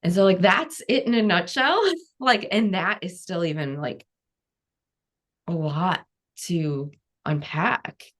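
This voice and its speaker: A woman with a lowish voice speaks slowly as a guest on an interview podcast. She is a cancer coach recounting her story frankly, quoting what she once said and leaning heavily on "like" as a filler.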